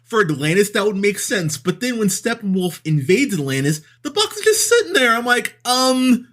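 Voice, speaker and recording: A man's voice: high voice, sing-song, brisk, a bit bright. A man co-hosting a movie review podcast, talking casually and profanely, often laughing mid-sentence. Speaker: podcast host.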